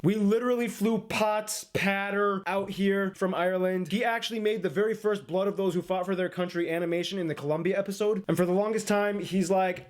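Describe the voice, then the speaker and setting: A man rattles through a scripted explainer at a brisk clip, his voice pitched noticeably high for a man. He keeps it energetic and jokey, tossing in quick asides between the facts. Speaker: host of an educational geography show. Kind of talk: fast scripted explainer narration.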